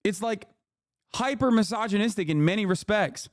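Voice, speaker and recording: A man hosting a live stream, giving heated, profane commentary with loud, mocking outbursts. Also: sits high, dry recording, clean studio sound. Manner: quick, sharp bursts into loud outbursts. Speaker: streamer host.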